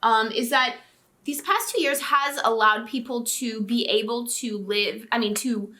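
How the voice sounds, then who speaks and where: A woman's voice: on the high side, measured pace, sharp tone. A woman realtor co-hosting a casual chat channel, chatty and often laughing.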